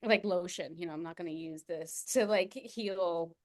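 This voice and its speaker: A woman guest on a podcast who tells stories reflectively, laughing often and leaning on fillers. Her voice sits somewhat low. The recording is dry and close. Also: moderate pace, a little mellow, no room sound. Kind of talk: reflective conversational storytelling.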